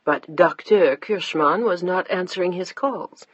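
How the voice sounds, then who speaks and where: A measured audiobook narrator reading a novel in an even storytelling voice. The tone is husky and the recording dry and muffled. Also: mid-range voice, no echo. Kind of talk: scripted narration.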